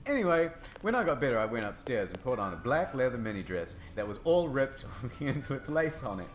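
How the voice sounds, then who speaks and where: A man narrating a comedic dramatic reading in a deadpan, mock-serious way. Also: medium pitch, fairly quick, a little hiss or hum.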